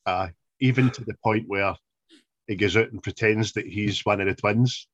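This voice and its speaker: A man's voice: on the low side, moderate pace, no room sound, muffled recording. A man co-hosting a casual film review podcast, laughing often and quoting lines in put-on voices. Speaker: podcast co-host.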